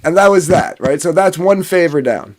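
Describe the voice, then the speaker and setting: A man's voice: fairly high pitch, expressive, moderate pace, darkish tone. A man from New Jersey telling a long story in a rambling, casual way, full of fillers and swearing. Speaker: podcast panelist.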